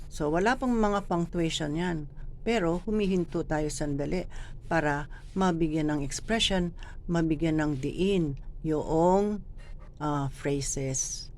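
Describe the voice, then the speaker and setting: A woman with a Filipino accent, teaching how to read scripture aloud, mixing Tagalog and English and reading sample passages with deliberate pauses. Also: low voice, darkish tone, slight background noise. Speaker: lector trainer. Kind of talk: instructional talk with reading demonstrations.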